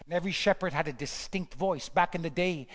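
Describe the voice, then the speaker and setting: A man preaches with a high, ringing voice. His phrases come back again and again for emphasis and rise to fervent peaks. The sound carries the long reverb of a large church hall. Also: brisk. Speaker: pastor. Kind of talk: sermon.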